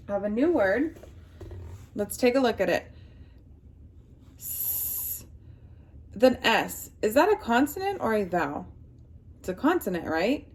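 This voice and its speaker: A woman teaching a phonics lesson to young children, slowly sounding out words and prompting the class to answer. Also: medium pitch.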